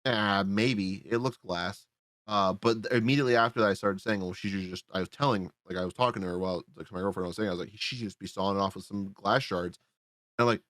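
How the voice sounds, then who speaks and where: Podcast guy, low-pitched and dry, loose profane storyteller who acts out his reactions. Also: fast talker, fairly bright tone, no echo. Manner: rambling, swears freely, acts out his own reactions. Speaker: podcast co-host reviewing a film. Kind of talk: casual profane movie recap.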